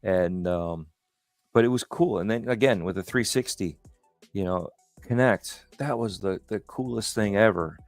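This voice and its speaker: A man's voice: on the low side, measured pace, no room sound, soft background music. A man hosting a casual podcast chat, telling stories in a rambling, enthusiastic way. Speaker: host.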